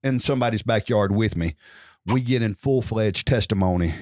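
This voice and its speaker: A man's voice: fairly low pitch, moderate pace, a little mellow, no echo, clean studio sound. A man who owns a business, speaking as a podcast guest in earnest, emphatic testimony. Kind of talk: casual podcast chat.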